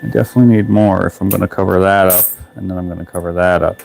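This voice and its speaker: A man's voice: sits low, fairly even intonation, rapid-fire, gravelly, a little mellow, slight background noise. A man from Canada, an artist talking to himself in a casual vlog while he builds a sculpture, half-singing a repeated phrase. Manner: mutters and half-sings a repeated working phrase.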